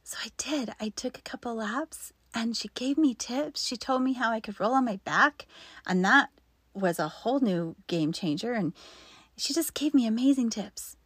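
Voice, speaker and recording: A woman's voice: on the high side, normal speed, breathy edge, dry recording. Earnest woman in her fifties, dry sound. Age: 50s. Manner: earnest, drops into soft whispered asides. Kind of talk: personal faith storytelling.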